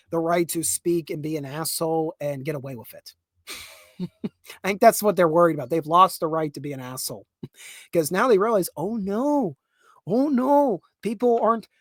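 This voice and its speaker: A man's voice: sits high, fairly bright tone, no room sound, studio quality. A young man with a Pittsburgh accent, hosting a podcast and ranting casually, laughing and restarting as he goes. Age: young adult. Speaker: podcast host. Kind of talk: casual rant.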